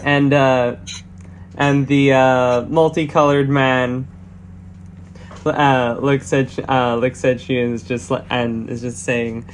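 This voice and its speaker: A man narrating as game master of a tabletop game, halting with many fillers and restarts. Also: medium pitch, flat delivery, slight background noise.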